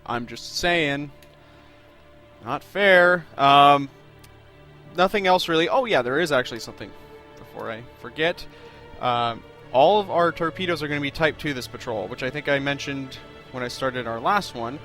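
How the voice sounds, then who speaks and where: A man hosting a let's-play, chatty and self-deprecating, rambling through plans with plenty of fillers. His voice sits at a middling pitch, with faint music playing underneath. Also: moderate pace, fairly bright tone. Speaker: video game let's-play host. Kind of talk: casual gameplay commentary.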